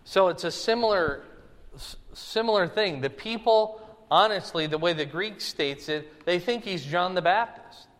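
Slightly high-voiced man teaching Bible study. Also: a little slow, a bit bright, in a large hall. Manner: conversational, often checks in with "right?" and "okay?".

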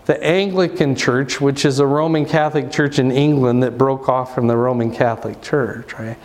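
A pastor teaching his church in a conversational, rambling way, full of restarts and asides. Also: fairly high pitch.

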